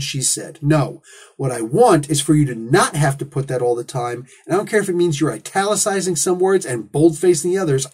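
A man's voice: fairly high pitch, darkish tone, breathy edge. A man hosting a comic book review, talking in a casual, opinionated monologue full of rhetorical questions and asides.

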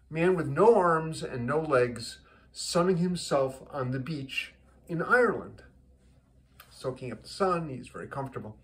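A man casually telling his weekly joke, rambling with many restarts and repeated words. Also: medium pitch. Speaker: joke teller, host of a weekly joke.

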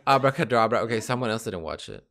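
A man hosting a casual reaction video, giddy and excitable, swearing and laughing often. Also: fairly low pitch, fast, gravelly.

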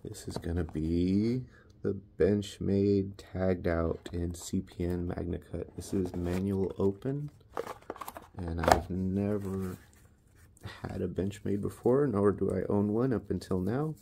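A man's voice: low-pitched, fairly even intonation, takes it slowly, creaky, dark tone, slightly rough. A man casually reviewing his knives in a laid-back, rambling, self-deprecating way. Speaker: knife reviewer.

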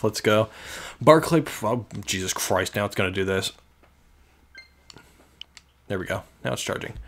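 A young man casually commenting on a video game he is playing, wry and self-deprecating. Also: fairly low pitch. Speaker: let's player. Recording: faint game music behind.

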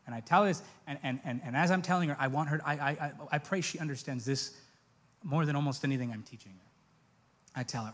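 A young man with a high voice delivers a sermon. He drops to a gentle, near-hushed tone for personal stories, then climbs into loud, impassioned preaching. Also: fairly quick. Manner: moves from soft, hushed storytelling to loud, pitched-up preaching.

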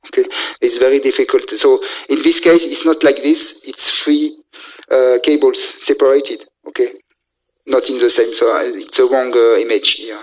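A male university lecturer in electrical engineering gives a technical lecture, speaking haltingly with frequent filler sounds and restarts. His mid-range voice is steady with a breathy edge, and the recording quality is low.

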